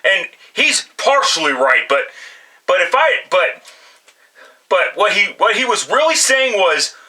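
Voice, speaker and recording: A man's voice: high-pitched, sing-song, a little slow, sharp tone, poor audio. A man giving blunt, profane football picks in casual solo commentary, often restarting his sentences. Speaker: sports picks vlogger.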